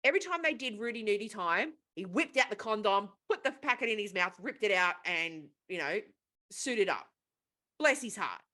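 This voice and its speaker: A woman's voice: mid-range voice, animated, normal speed, pushed and bright. A woman co-hosting a casual podcast, retelling a film plot in a profane, rambling way. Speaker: podcast co-host.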